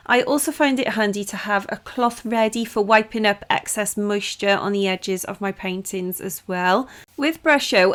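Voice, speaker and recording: A British woman narrating an art tutorial in a steady, explanatory voice-over. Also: fairly high pitch.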